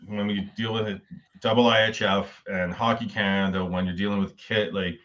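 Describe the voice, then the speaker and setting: A man with a fairly low voice heard through muffled, lo-fi audio. He co-hosts a casual podcast and rambles, stringing thoughts together loosely. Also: fairly even intonation, moderate pace, a bit bright. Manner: rambling, listing thoughts aloud.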